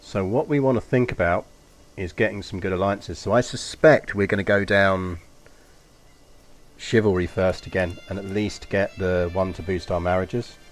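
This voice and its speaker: A man with a softened London accent and a slight New York touch, chatting casually and swearing at the game as he thinks aloud while streaming. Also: low voice, steady tone, moderate pace.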